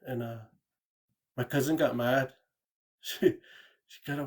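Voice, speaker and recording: A man's voice: medium pitch, little pitch movement, moderate pace, pauses often. A man calling in to tell a true ghost story in a rambling, casual way, often repeating words and saying "you know". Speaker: caller sharing a ghost story.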